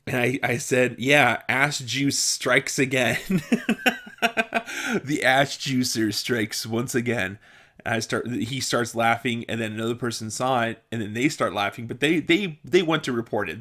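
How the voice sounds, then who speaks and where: Young male vlogger with a mid-range voice, casual and chatty, quick to laugh. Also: medium pitch, a bit bright. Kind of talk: casual storytelling monologue.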